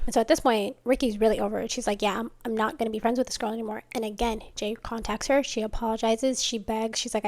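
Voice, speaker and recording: A woman telling a friendship drama story in a chatty, casual way, full of "like" and fillers. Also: a little high. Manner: chatty, lots of "like", gossipy retelling. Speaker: commentary vlogger.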